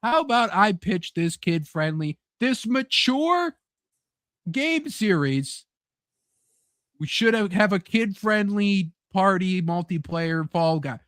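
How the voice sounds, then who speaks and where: A man voicing a greedy male game company executive with a mock French accent, in a mock-whiny pitch. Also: no echo, studio quality.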